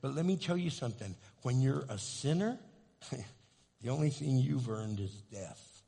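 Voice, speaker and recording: This pastor's sermon rings out with long reverb through a big church sanctuary. He talks to the congregation in plain terms, then rises into fervent appeals to pray, his medium-pitched voice gravelly, dark, and slightly rough, with lively intonation and an unhurried pace.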